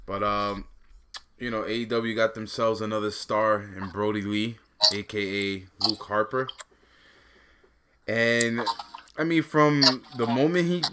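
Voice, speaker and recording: A man's voice: fairly low pitch, heavy background noise. A man in casual chat as a co-host, talking loosely and slangily, rambling with lots of fillers.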